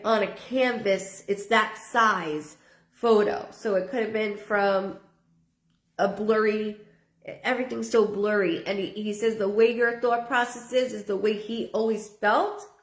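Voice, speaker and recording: A woman's voice: fairly high pitch, a little slow. Woman medium, earnest, repeats herself; live reading in a reverberant room. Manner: earnest, repeats phrases, relays a spirit's words in first person. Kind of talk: live-stream spirit reading.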